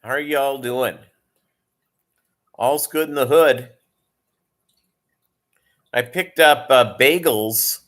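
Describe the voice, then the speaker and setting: A man's voice: medium pitch, slow pace, pauses often, fairly bright tone. A tired man hosting a casual livestream, rambling with lots of fillers while he chats with viewers. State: tired, yawning. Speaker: livestream host.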